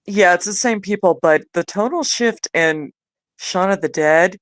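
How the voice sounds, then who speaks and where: A woman's voice: on the low side, a little slow, no echo. A woman in a casual group chat, talking hesitantly and trailing off mid-thought. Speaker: panel participant.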